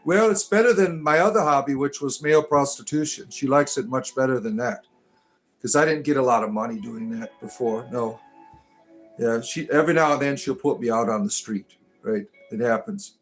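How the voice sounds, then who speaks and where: A man's voice: mid-range voice, normal speed, soft background music. A middle-aged man hosting a casual livestream, answering chat with irreverent jokes and mock-preachy asides.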